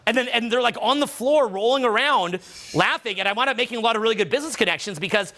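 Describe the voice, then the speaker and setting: A man coaching a live workshop in front of students, talking in an animated way and acting out loud demonstration voices as he explains. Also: extremely high pitch, fast talker. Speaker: vocal coach.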